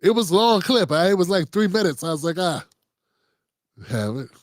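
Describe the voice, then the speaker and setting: A man's voice: sits high, quick pace, no echo, clean studio sound. A man hosting unscripted political commentary, talking casually and riffing, slipping into quoted voices.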